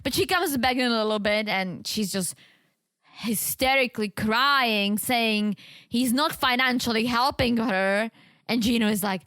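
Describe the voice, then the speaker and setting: A woman's voice: fairly high pitch, a little slow, no echo. A woman co-hosting a podcast, chatting casually and animatedly about a reality show. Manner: animated, retells scenes in quoted voices. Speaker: podcast co-host.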